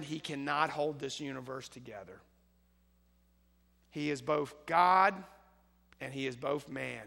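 A man preaching a sermon as pastor, building to emphatic points and then leading a soft, slow prayer. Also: on the high side, gravelly, long reverb tail.

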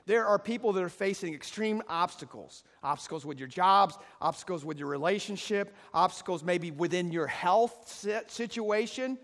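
Male pastor, high voice, impassioned sermon delivery, church hall with a long reverb tail. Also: expressive, normal speed, few pauses, a bit bright. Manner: impassioned preaching, rising to emphatic peaks; leads the congregation in call and response. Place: church sanctuary.

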